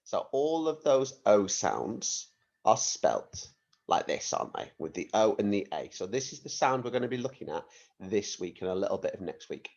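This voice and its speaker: A British man teaching young children phonics, talking slowly and clearly and sounding out words in an encouraging way. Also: sing-song, a little mellow. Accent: British English. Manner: slow, clear and encouraging, sounding out words and leaping up in pitch on blended words. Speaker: primary school teacher. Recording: dull lo-fi home recording.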